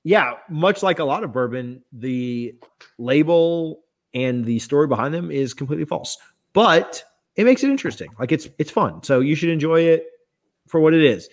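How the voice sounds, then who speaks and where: A man's voice: a little high, lively intonation, moderate pace. A man hosting a casual bourbon review chat, teasing his co-host playfully and reading labels aloud.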